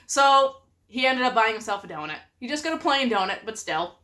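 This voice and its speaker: A young woman vlogger telling funny stories about her husband, animated and laughing often. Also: on the high side, brisk. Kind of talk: casual storytelling to camera.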